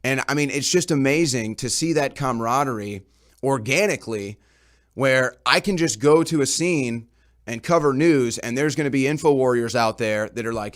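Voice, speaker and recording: A man's voice: mid-range voice, normal speed. A man reporting on a talk show, casually recounting events in a rambling way and often repeating his words.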